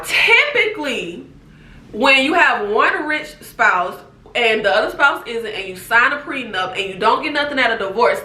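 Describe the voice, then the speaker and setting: A woman recapping a TV series in casual chat, sassy and animated, laughing often. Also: sits high. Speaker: TV recap host. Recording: echoey room.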